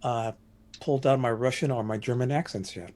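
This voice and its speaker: A man's voice: medium pitch, brisk, darkish tone. Joking, rambling man in game chat. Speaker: tabletop game player.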